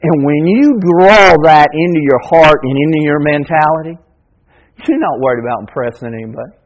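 A man delivers a sermon from the pulpit, his voice pitched fairly high. He repeats key lines for weight and rises to ringing declarations before sinking into soft, low-voiced passages. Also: fairly quick, rough recording. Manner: preaching with big swings between loud declarations and hushed, low passages; repeats phrases for emphasis. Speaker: pastor. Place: church in front of a congregation.

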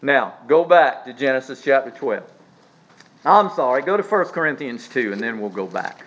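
A man preaching a sermon as pastor, swinging from quiet low asides up to emphatic high peaks, often restarting his phrases. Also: expressive, moderate pace, rough recording. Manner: repeats words and restarts phrases while speaking.

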